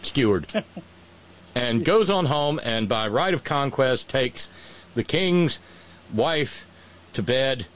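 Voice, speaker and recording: A man in a casual chat who retells ancient myths with relish and irreverence. He talks in an animated, loose way, dropping in quick character voices. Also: medium pitch.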